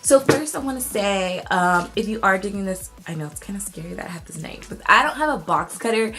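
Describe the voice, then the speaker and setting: A woman's voice: mid-range voice, a little fast, loud music behind the voice, low-quality recording. Bubbly woman vlogging an unboxing. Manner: bubbly and excitable, casual slang. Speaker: beauty YouTuber. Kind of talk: casual unboxing vlog.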